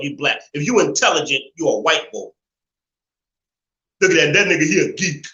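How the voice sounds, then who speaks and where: Brief: male live-show host, preachy and emphatic, higher voice, roomy sound. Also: sharp tone. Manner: preachy, repetitive, emphatic, swears freely. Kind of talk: ranting live-stream monologue. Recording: roomy echo.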